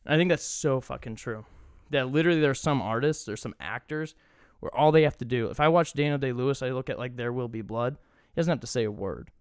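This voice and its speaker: A man's voice: medium pitch, fast talker, clean tone, no echo, studio quality. A young man co-hosting a podcast, chatting casually with enthusiasm and swearing freely. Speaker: podcast co-host. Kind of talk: casual chat.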